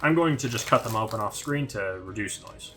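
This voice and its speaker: Somewhat low-voiced and talking a little fast, a young man gives a laid-back, rambling unboxing review of a hobby magazine, packed with filler words.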